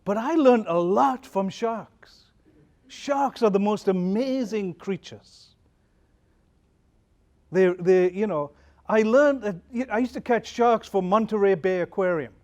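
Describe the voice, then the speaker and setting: High-voiced man giving a conference talk. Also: unhurried, a little mellow. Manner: conversational, storytelling, asks the audience questions. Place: conference hall.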